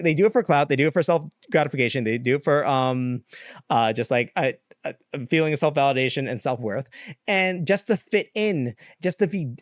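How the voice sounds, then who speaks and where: A young man talks alone into his podcast mic, candid and rambling, with a lot of fillers and quick laughs. His voice sits a bit high for a man. The sound is dry and close, with no room behind it. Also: dry recording. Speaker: podcast host. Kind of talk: casual solo podcast rant.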